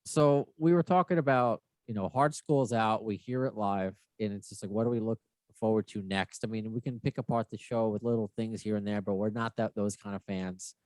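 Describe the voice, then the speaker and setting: A man with a fairly low voice hosts a podcast in an easygoing, friendly way and jokes about his own nerves. The sound is dry and close, with no room around it. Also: brisk, no room sound. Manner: relaxed, friendly, self-deprecating. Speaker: podcast host. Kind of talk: casual podcast chat.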